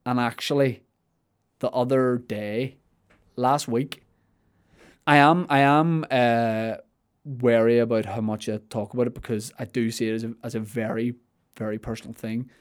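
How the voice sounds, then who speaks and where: Young male podcast host, mid-pitched, loose and rambling, full of restarts and asides. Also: fairly even intonation, normal speed, clean tone. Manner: rambling, self-interrupting, with restarts and playful asides. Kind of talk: casual chat, answering listener questions.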